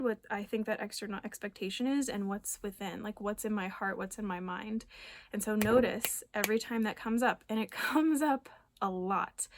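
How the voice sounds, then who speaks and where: Gentle, chatty woman with a slightly high voice. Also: no echo. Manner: gentle, conversational, many ums and soft laughs. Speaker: naturopathic doctor and wellness coach. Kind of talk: casual reflective talk to camera.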